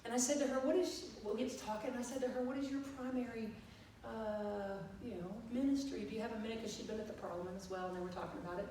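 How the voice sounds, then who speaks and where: A woman minister, telling a lively story in a sermon and acting out the dialogue with laughter. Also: a little high, rapid-fire, a little hiss or hum. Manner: animated, acts out dialogue with laughter. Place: church sanctuary. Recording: echoey hall, far from mic.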